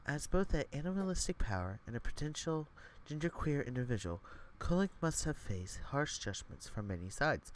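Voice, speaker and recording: A man voicing a solemn male monk, speaking in a hushed, measured, lecturing way. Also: fairly high pitch, very animated, a little hiss or hum, poor audio.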